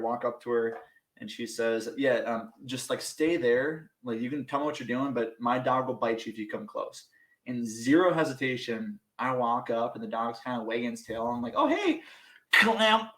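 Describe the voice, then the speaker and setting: On a podcast, a young male guest laughs his way through casual, self-deprecating stories with lots of animation. The mid-range voice is captured in poor, reverberant audio.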